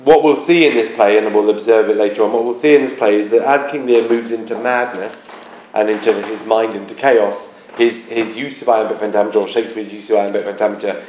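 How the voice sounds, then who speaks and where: Male teacher, lowish voice, halting delivery that searches for words, chants beats to demonstrate, echoey room. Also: fairly even intonation, darkish tone, slight background noise. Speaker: English teacher. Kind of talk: classroom explanation of a play. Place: classroom. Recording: roomy, echoey classroom.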